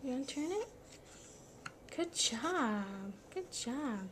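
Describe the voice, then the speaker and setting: A woman's voice: high voice, lively intonation, slow pace, background noise. A woman reading a picture book aloud to a baby at home in a sing-song, encouraging way, making playful sound words. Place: home at bedtime. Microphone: home video camera.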